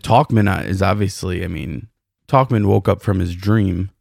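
A man co-hosting a sports podcast, teasing his partner in loose, joking banter. His voice sits low with a gravelly fry. The recording is dry and close. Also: moderate pace, a little mellow, no room sound. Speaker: podcast co-host. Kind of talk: casual sports chat.

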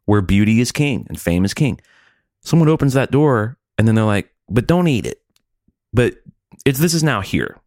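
A middle-aged man co-hosting a podcast, chatting casually in rambling, profane, animated stories. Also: fairly low pitch, no room sound, studio quality. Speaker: podcast co-host. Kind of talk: casual chat.

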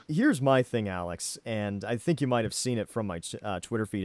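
A man's voice: on the low side, darkish tone, no room sound. A man hosting a podcast, talking through his opinions casually with plenty of ums and restarts. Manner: rambling, many ums and restarts. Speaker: podcast host. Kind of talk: casual anime discussion.

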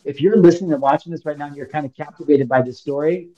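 A man in his thirties tells a heavy personal story in loose, slangy talk, and he acts out the lines he quotes. His voice sits a little high but sounds mellow and dark. The recording is dull and lo-fi. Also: fast talker. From Illinois, United States. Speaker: podcast guest.

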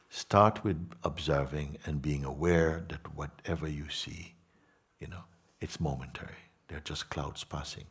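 Husky, low-voiced man teaching softly. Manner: slow, soft-spoken, repeats words. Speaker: spiritual teacher. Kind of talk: spiritual talk to listeners.

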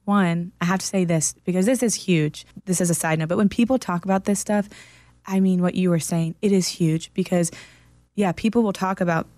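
A woman's voice: on the low side, a little fast, mellow, dry recording. A woman in a casual talk-show chat, telling a story in an earnest, encouraging way.

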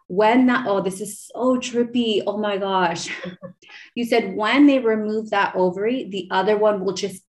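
A woman's voice: mid-range voice, unhurried. A woman in her thirties hosting a podcast, telling a personal story in a chatty way, full of fillers and restarts. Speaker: podcast host.

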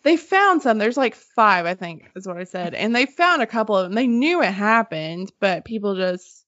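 A woman casually telling a story on a podcast, animated and swearing freely, laughing as she goes. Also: mid-range voice, normal speed, no room sound. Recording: slightly muffled dry podcast audio.

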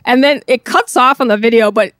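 A fairly high-voiced woman from Minnesota, telling a story as a guest on a talk show. She is animated and laughs often, with loose filler words throughout. The room is dry and close, with no echo. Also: a little fast. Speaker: podcast guest, crop artist. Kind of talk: casual storytelling.

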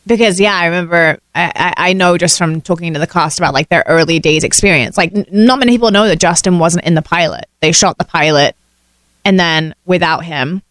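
A British-accented actress chatting casually as a podcast guest, telling stories with laughter. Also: female voice, lowish voice, brisk, no room sound. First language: British English accent. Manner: chatty, animated storytelling with laughs.

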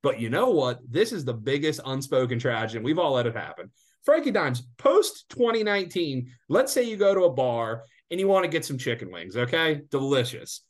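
A man co-hosting a casual podcast, ranting with lots of swearing and animated outbursts. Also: mid-range voice, fairly quick. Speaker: podcast co-host. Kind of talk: casual sports betting podcast chat.

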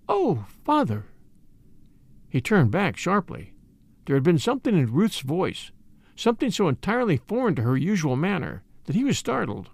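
A man giving scripted, expressive narration of a mystery novel as an audiobook reader. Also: on the high side, vocal fry, no echo. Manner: expressive, measured storytelling.

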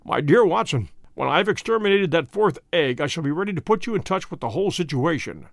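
A man's voice: fairly high pitch, sing-song, a little fast, a bit bright, no room sound, clean studio sound. A man doing a cheerful, debonair detective. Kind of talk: audiobook character voice.

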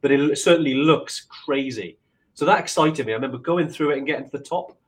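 A man in easygoing conversation, his voice at a middling pitch. He wanders through his thoughts with frequent restarts and fillers. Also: quick pace. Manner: rambling, with many restarts and fillers. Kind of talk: casual chat.

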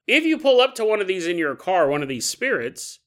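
Casually sharing paranormal tales on his podcast, this man throws in jokey, playful asides. He talks briskly in a high, somewhat bright voice with big swings in pitch.

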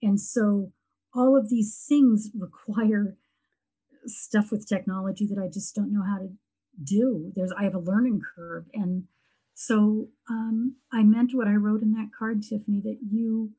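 A middle-aged woman talking earnestly and reflectively in a heartfelt conversation, often pausing and restarting. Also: mid-range voice, fairly even intonation, warm tone, husky, poor audio. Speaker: guest sharing her grief story.

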